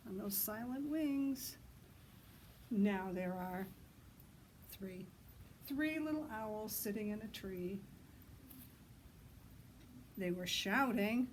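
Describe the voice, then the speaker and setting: Librarian lady doing story time outside, slow singsongy voice, big loud owl hoots, mid pitch, a little outdoor hum behind. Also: rough recording. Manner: animated sing-song reading to kids, hooting loudly. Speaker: children's librarian.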